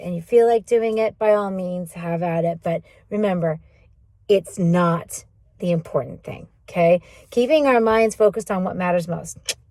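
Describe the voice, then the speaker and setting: A woman's voice: medium pitch, dark tone. A woman hosting her own channel, telling a personal story casually and acting out both sides of the remembered conversations. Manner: chatty, acts out both sides of remembered dialogue. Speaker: channel host.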